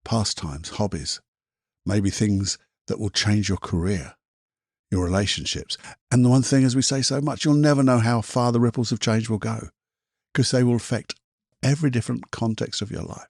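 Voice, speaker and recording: A man's voice: lowish voice, normal speed, gravelly, a little mellow, husky, dry recording, clean studio sound. A man hosting a podcast as a hypnotherapist, talking in a passionate, casual motivational monologue, swearing now and then and repeating himself.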